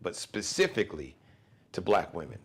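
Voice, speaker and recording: A man hosting a live talk show, calmly affirming and encouraging his guest. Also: low voice, breathy edge. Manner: measured, affirming, gives encouraging feedback. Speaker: host. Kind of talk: casual chat.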